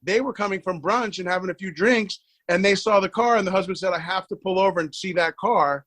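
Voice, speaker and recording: A middle-aged man, a podcast guest, telling a long story in a casual interview, acting out the dialogue and repeating words when excited. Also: sits high, fairly quick, no room sound.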